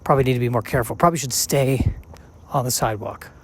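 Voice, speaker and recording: A man's voice: mid-range voice, slight background noise. Musing forty-something man walking outdoors. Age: 40s. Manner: musing, self-questioning, halting with restarts. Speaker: podcast host. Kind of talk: casual rambling monologue while walking outside.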